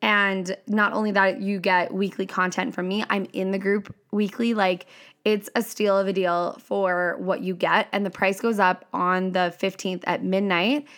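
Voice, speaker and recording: A woman's voice: mid-range voice, level tone, unhurried, fairly bright tone. A young woman hosting a podcast as a coach, talking casually in a chatty way. She leans on the fillers "like" and "right?" and swears freely.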